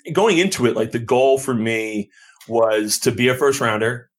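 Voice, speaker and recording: A man chats as a guest on a sports podcast. He is laid-back and joking, and he stumbles and restarts his sentences often. His voice sits at a middle pitch. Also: normal speed, low-quality recording. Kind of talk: casual chat.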